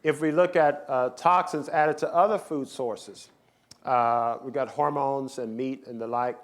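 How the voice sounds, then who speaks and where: A man's voice: mid-range voice, fairly even intonation, measured pace. A man who is a physician, giving a health symposium lecture in an emphatic, repetitive, rhetorical way. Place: lecture hall with slides.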